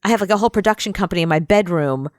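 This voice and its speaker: A woman's voice: fairly low pitch, rapid-fire, no room sound, clean studio sound. Chatty woman telling a rambling story. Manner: animated, rambling anecdote with quoted voices. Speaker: radio co-host. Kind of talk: casual storytelling chat.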